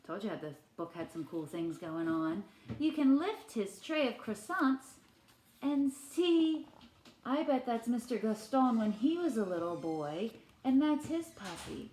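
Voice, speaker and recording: Slow-reading teacher, lively voice. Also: female voice, fairly high pitch, reverberant. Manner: gentle, questioning, playful voices for characters. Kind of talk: children's read-aloud lesson.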